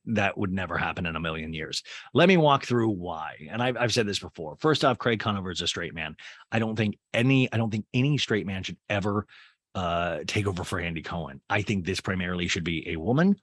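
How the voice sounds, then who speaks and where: A man's voice: fairly low pitch, fairly bright tone, no room sound. A man hosting a podcast, giving a chatty, sarcastic recap of a TV episode with rambling asides. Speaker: podcast host. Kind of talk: casual recap commentary.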